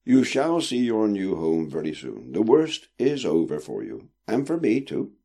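A man's voice: on the low side, huge pitch swings, unhurried, gravelly, mellow, slightly rough, heavily acted. A man voicing a jovial, portly old ship captain with a teasing, old-fashioned way of speaking. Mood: reassuring.

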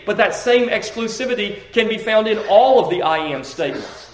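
A pastor reading scripture and preaching an emphatic sermon, occasionally correcting himself. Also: male voice, high-pitched, expressive, fairly quick, hardly any pauses, reverberant, low-quality recording. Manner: emphatic preaching with slips and restarts.

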